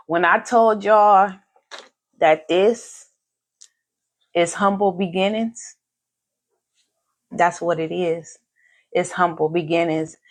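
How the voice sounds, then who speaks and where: Slow-talking effusive woman host. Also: lowish voice. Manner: effusive, repeats phrases for emphasis; grateful, faith-filled. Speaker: podcast host. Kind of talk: casual live-stream talk.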